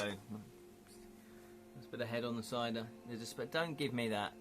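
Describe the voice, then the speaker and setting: Speaking at a measured pace in a mid-range voice, a British man who streams and illustrates reads out viewer comments during a relaxed live stream with music underneath. He tends to ramble a little.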